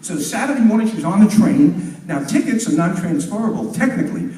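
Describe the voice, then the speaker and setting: An older New man does stand-up in a library hall, chatty and animated. His high voice swings up and down a lot, with a mellow tone. He is heard from a distant mic with plenty of room echo. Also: brisk. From Long Island, New York. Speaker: comedian. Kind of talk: stand-up storytelling. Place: library hall, talent show. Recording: roomy hall, mic far off.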